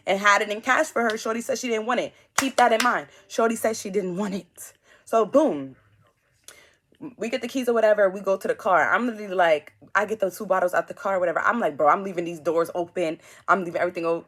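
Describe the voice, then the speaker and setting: This vlogger is a young adult New Yorker with a low-leaning voice and a brisk delivery. Her storytime vlog is blunt, slangy and animated, with quoted lines performed aloud.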